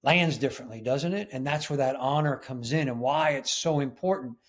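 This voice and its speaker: In a relaxed interview, a man appearing as a podcast guest makes his points in an earnest, emphatic manner. His voice is medium-pitched and brisk.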